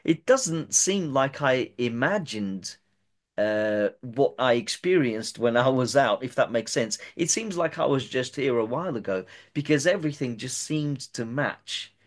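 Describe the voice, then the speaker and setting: During an interview, a man recounts a lengthy personal experience in an ordinary middle-pitched voice with lively intonation. His delivery is halting, full of stumbles and repeated words.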